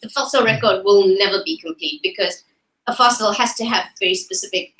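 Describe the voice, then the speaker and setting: A woman on a science panel explains patiently, walking through each step and acting out little thoughts in quotes. Her voice is bright and clear. She sounds distant from the mic, in an echoey room. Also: mid-range voice, a little fast. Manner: explanatory, acts out animals' thinking in quotes. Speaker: expert panelist.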